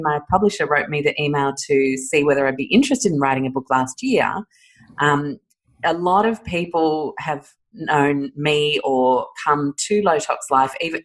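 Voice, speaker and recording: A low-pitched Australian woman chats as a guest on a podcast. She talks at length, animated and full of fillers, and laughs easily. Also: rough recording. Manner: animated, laughs often, chatty with many fillers. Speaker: author guest. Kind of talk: casual podcast interview.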